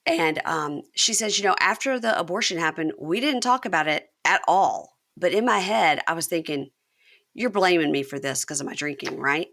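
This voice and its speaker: Woman host, low pitch, bright tone, animated recapper. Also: moderate pace. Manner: animated retelling, acts out quotes. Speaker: podcast host. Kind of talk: casual recap chat.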